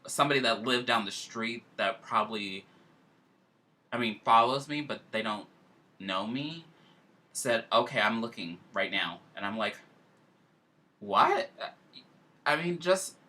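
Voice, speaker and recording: A man hosting a casual chat, telling a story in an animated, emotional way. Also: fairly low pitch, normal speed.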